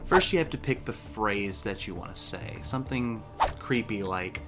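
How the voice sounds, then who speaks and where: Chatty upbeat guy doing a how-to vlog, lowish voice, music clearly playing under him. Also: animated, normal speed. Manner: upbeat, chatty, self-joking. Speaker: YouTube host.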